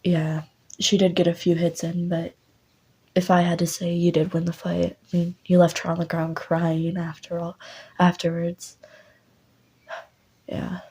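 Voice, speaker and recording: A woman voicing a young man, a boyfriend who speaks softly and teasingly in a low, husky voice. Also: monotone, a little slow, pauses often, rough recording. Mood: tender teasing. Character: young man Vance, blunt then tender boyfriend.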